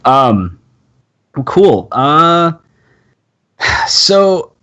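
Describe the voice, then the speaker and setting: A man's voice: fairly high pitch, very animated, very slow, bright, forceful tone. A man from Texas hosting a casual live-stream chat, talking loosely with frequent laughs, fillers and restarts. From Texas, USA. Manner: chatty, laughs often, many fillers and restarts. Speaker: podcast host.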